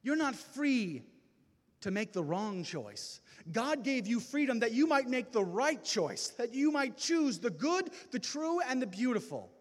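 High-pitched impassioned male preacher in a hall. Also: big pitch swings. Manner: impassioned, preacherly with slow dramatic pauses. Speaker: speaker at a men's gathering. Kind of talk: testimony sermon. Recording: reverberant hall.

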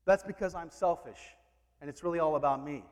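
A male preacher delivering a fervent sermon, building to exhortation with quiet asides. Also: on the high side, brisk, big-room sound.

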